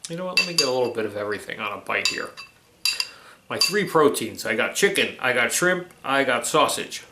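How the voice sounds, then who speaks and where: A man's voice: medium pitch, animated, a little fast, noisy background. Easygoing cooking vlog guy, keeps saying alrighty, faint dish clatter behind. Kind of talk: casual cooking vlog chat. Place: home kitchen. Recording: echoey kitchen room.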